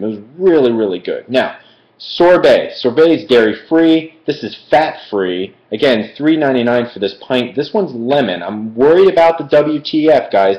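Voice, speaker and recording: A man's voice: medium pitch, a little mellow. A man from Philadelphia doing a casual live-stream food review, chatty and rambling, with many fillers and digressions. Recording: echoey room, dull lo-fi stream audio.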